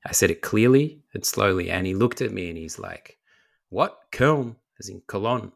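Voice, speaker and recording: A young man raised in Australia telling relaxed anecdotes as a podcast guest. His voice is low and gravelly, with plenty of fry, and he laughs easily. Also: a little fast. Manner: laid-back anecdotal, laughs along. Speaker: actor and interview guest. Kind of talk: casual interview storytelling.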